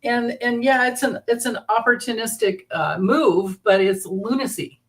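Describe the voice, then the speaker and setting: A woman hosting a live tarot reading, talking in a rambling, halting way as she explains the cards in a casual chat. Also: a little high. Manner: rambling, halting, with frequent restarts and laughter. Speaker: tarot reader, channel host.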